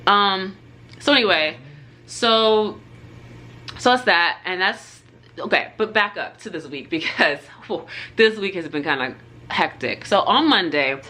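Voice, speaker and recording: A woman's voice: sits low, pushed and bright. A young adult woman and pre-nursing student telling a rambling storytime in a chatty, casual way, full of fillers and asides.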